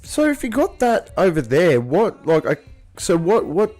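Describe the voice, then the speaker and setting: Over beers, this livestream host keeps a casual interview chat going, rambling eagerly and starting over often. His voice sits high and a little mellow, with a sing-song lilt and a measured pace.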